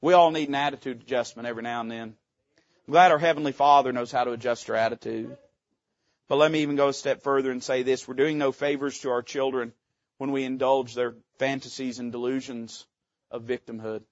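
A man preaching a sermon from a church pulpit, swinging between soft asides and loud climaxes. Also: medium pitch, fairly even intonation, fairly quick, no room sound, dull audio. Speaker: pastor. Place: church sanctuary.

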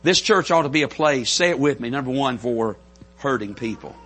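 Fervent country preacher from North Carolina. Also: male voice, lively intonation, normal speed. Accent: Southern US, North Carolina. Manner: fervent, builds to shouts, drops to soft intimate lows. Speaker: pastor. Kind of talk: sermon. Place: church sanctuary.

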